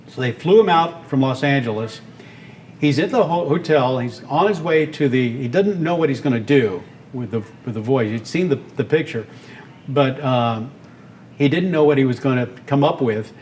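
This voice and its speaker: A man's voice: medium pitch, moderate pace, slight background noise. An older man, a radio and voice performer, telling stories as an interview guest with enthusiasm. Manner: animated, enthusiastic storyteller. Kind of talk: storytelling interview talk.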